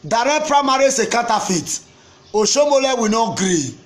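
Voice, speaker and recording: A man's voice: very high voice, big pitch swings, normal speed. A Nigerian man with a Pidgin-inflected accent, giving a preachy, repetitive political rant that slips between English and Pidgin. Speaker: political commentator.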